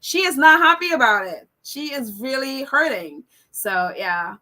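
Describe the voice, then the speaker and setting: High, bright-voiced woman chatting with viewers. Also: animated, a little slow. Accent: non-American accent. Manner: chatty, laughs often, apologetic and self-correcting. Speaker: live stream host reading viewer comments. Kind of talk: casual live chat.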